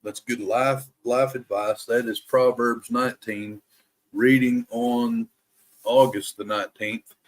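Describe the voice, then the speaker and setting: A man reads scripture aloud at an unhurried, measured pace, taking care over each word. His voice sits at an ordinary middle pitch, and between passages he slips into casual asides to his live stream viewers. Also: steady tone. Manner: slow, deliberate reading, careful to pronounce every word. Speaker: host of a daily Bible reading live stream.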